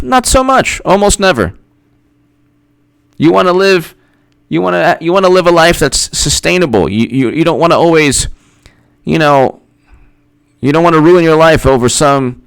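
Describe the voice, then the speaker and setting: A man giving casual political commentary in an animated, incredulous way, firing off rhetorical questions and repeating himself. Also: a little high, clean tone. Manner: greets live chat viewers by name.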